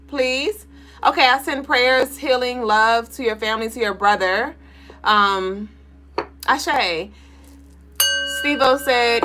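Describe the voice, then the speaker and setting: A young woman hosts a spiritual livestream, greeting viewers by name and answering their comments in loose, profane, laughing chat. Her voice is bright and sits a bit high. Soft music plays behind her. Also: unhurried. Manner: playful, swears freely, laughs often, greets viewers by name.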